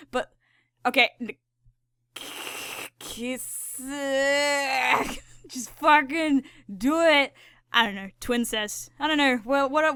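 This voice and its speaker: A woman's voice: a little high, fairly bright tone, smooth, no echo, studio quality. A woman hosting her own channel, giving rambling, profane, giggly casual commentary while she draws. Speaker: channel host.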